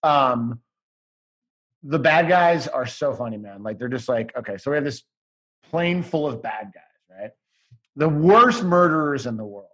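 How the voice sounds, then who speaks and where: A man's voice: mid-range voice, expressive, a little slow, sharp tone. A man as a podcast guest, chatting casually in a rambling, enthusiastic way and swearing now and then.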